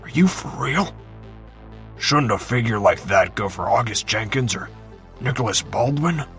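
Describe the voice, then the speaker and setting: A man's voice: mid-range voice, animated, a little slow, a bit bright, soft background music. A man voicing an arrogant, scornful male academy teacher in a fantasy audiobook, sneering and incredulous. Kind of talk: audiobook character reading.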